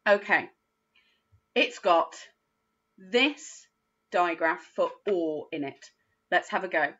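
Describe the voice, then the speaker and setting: A woman's voice: medium pitch, measured pace, pauses often, bright, forceful tone. A woman teaching a phonics lesson to young children, sounding out words letter by letter. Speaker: primary school teacher. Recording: dull lo-fi sound.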